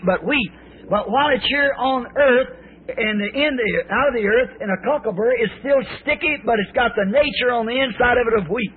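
A middle-aged male preacher in a sermon, telling folksy stories in a rambling, drawn-out way. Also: very high-pitched, breathy edge. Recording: tinny, lo-fi old sermon tape.

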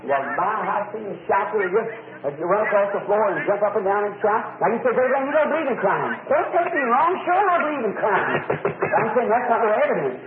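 A man's voice: high-pitched, animated, fairly quick, echoey room, crowd noise. A man preaching a sermon to a congregation, folksy and emphatic, with many repetitions and asides. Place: church. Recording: tinny lo-fi old church tape. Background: congregation responses.

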